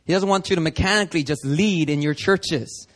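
A man preaching a sermon at a prayer meeting, animated and dramatic, moving between hushed stretches and loud bursts. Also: a little high, fairly quick. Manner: animated, acts out scenes, shifts from hushed to loud. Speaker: pastor.

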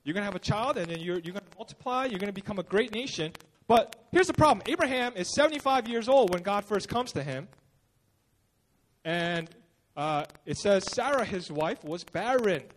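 With a high-pitched, expressive voice at a moderate pace, a male pastor gives a relaxed, conversational sermon during a church service, with slight background noise. He tells the story informally, acting out quotes and using plenty of fillers.

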